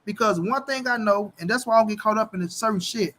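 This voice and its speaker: A man with a high, bright voice holds forth on boxing in a casual chat. He is animated and curses heavily, tossing in "bro" all the time. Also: fast. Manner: animated, heavy cursing, repeats "bro". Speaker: host.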